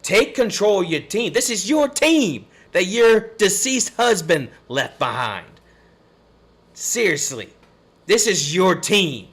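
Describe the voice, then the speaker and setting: Frustrated and rambling, this podcast host in his 30s curses and sighs while hosting a live sports stream. He speaks slowly, but his high-pitched, fairly bright voice is very animated.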